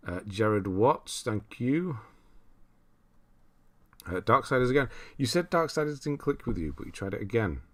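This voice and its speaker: A man's voice: mid-range voice, sing-song, unhurried, pauses often. A man casually chatting on a livestream, thinking aloud and laughing as he reads through viewers' lists. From United Kingdom. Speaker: streamer.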